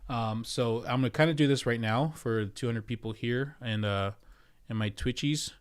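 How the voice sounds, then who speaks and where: A man's voice: mid-range voice, normal speed, clean tone. A man, a real estate agent, hosting a casual livestream, rambling and reading out viewer comments as he goes. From United States. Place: home, streaming.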